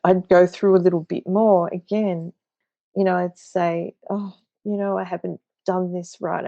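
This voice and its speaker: A woman's voice: lowish voice, mellow, no echo. An Australian woman in her thirties, a podcast guest, recounting a personal experience in an earnest, hesitant way with many restarts. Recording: dull lo-fi dry sound.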